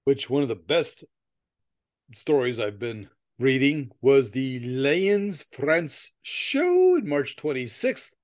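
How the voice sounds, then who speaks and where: A man's voice: mid-range voice, very animated, slow pace. Rambling laughing male podcast host. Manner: rambling, laughing storyteller who swears casually. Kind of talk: casual chat.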